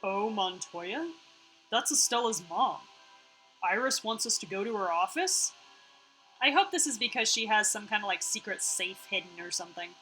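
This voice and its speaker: Bright, playful woman streamer. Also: mid-range voice, normal speed, faint music behind, poor audio. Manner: playful, chatty, reacts with excitement. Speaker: streamer reading a visual novel game. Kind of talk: reading a story game aloud with casual commentary.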